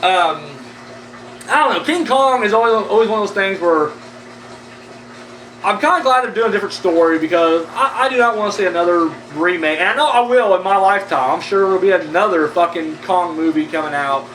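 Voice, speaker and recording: High-voiced profane man ranting. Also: brisk, a bit bright. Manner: profane, blunt, rambling. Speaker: horror news vlogger. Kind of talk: casual ranting commentary. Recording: echoey room, mic at a distance, faint background noise.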